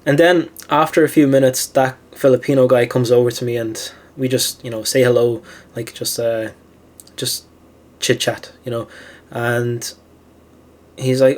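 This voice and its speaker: A man speaking casually to the camera and retelling things that happened to him. He reaches for "like" again and again and laughs at himself now and then. His voice sits at an ordinary middle pitch for a man. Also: steady tone, moderate pace, darkish tone. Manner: chatty, many "like" fillers, laughs at own stories. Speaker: philosophy channel host. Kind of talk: casual storytelling monologue.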